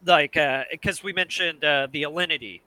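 A man's voice: fairly high pitch, moderate pace, pushed and bright, rough recording. A man co-hosting a casual podcast, blunt and profane, with hedging asides. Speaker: podcast co-host. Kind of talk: casual chat.

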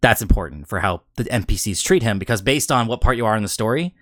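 A man co-hosting a casual gaming podcast, telling a long story in a rambling, animated way. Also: lowish voice, fast talker, no echo, studio quality. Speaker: podcast co-host.

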